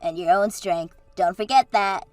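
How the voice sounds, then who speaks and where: A woman's voice: medium pitch, unhurried, a little mellow, no room sound, faint music behind, close to an everyday voice. A woman voicing Katie, a bubbly and encouraging sister and maid of honor, in a scripted story drama. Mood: cheerful.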